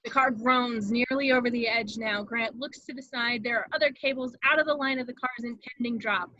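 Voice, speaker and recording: Bright-voiced woman reading stage directions. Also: on the high side, fairly quick, no room sound, muffled recording. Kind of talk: table read narration.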